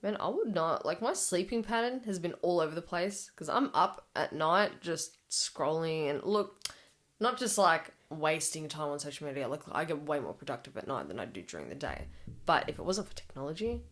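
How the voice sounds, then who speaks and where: A young adult Australian woman hosting a casual podcast chat, telling stories in an animated, chatty way with frequent laughter. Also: low voice, moderate pace. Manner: animated, chatty storyteller who laughs often.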